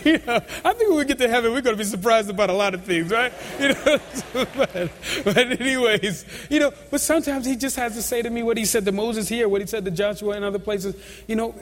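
A man's voice: extremely high pitch, fast talker, fairly bright tone. A man preaching a sermon as pastor, in a chatty way with chuckles and asides to the congregation. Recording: reverberant church hall.

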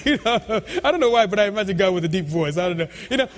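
A male pastor preaching a sermon with a fairly high voice. He talks in a loose, chatty way, chuckling and tossing asides to the congregation. His voice carries a long reverb, as in a church hall. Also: expressive, very fast.

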